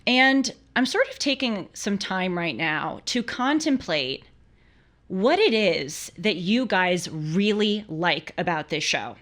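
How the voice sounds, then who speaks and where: A woman's voice: mid-range voice, slow pace. Chatty young woman hosting a live show. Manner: chatty, animated, laughs easily. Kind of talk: casual live-stream talk.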